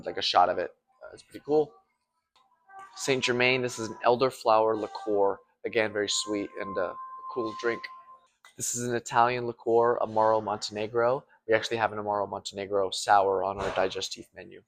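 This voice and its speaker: Relaxed man listing bar bottles. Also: lowish voice. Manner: plain, relaxed listing with filler ums and uhs. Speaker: restaurant bartender. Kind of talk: casual walkthrough of a bar's bottles.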